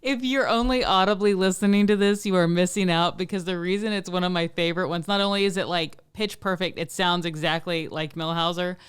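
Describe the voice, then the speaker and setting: Low smooth-voiced woman podcast host. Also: fairly even intonation, fairly quick, few pauses. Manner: storytelling, playful, swears freely. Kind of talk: casual podcast chat.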